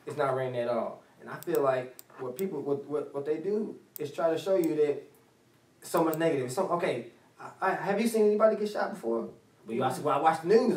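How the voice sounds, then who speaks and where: A man's voice: fairly high pitch, a little mellow, far from the mic. A man hosting a talk radio show, rambling and repeating phrases as he talks. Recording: roomy studio sound from off mic.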